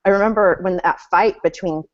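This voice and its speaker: A woman's voice: medium pitch, a little fast. Chatty woman on a muffled call. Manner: chatty, hedging with fillers. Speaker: podcast co-host. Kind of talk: casual fan chat.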